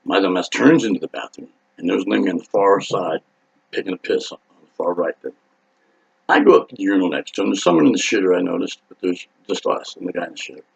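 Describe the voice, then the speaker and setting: A man's voice: sits low, animated, fast, vocal fry, breathy edge. A man in his fifties, a rock singer, telling a rambling, profane anecdote with laughs and acted-out voices. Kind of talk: casual storytelling. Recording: dull lo-fi sound.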